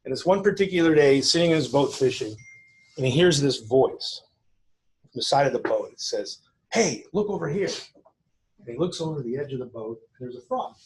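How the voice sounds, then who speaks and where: A man's voice: mid-range voice, a little fast, slight background noise, low-quality recording. A man speaking to a conference audience, coaching agents in a conversational way with anecdotes and frequent restarts. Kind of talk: live seminar talk with anecdotes. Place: conference room before an audience.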